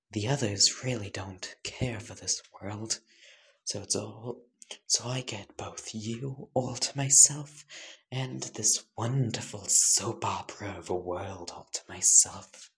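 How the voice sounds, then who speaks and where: A man's voice: on the low side, fairly bright tone, poor audio. A man voicing a mischievous, gleefully sinister female otherworldly being in a teasing whisper, as whispered role-play.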